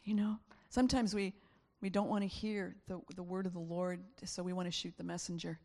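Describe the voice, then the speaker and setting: A woman's voice: fairly low pitch, little pitch movement, a little fast, warm tone. A woman preacher giving a conversational sermon, acting out voices with laughing asides.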